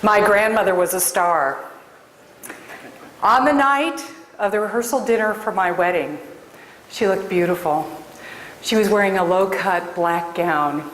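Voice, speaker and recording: A woman's voice: mid-range voice, slight background noise. A woman career coach from Des Moines giving a keynote speech, telling stories and addressing the audience emphatically. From Des Moines, Iowa. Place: large hall before an audience. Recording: roomy hall with long echo.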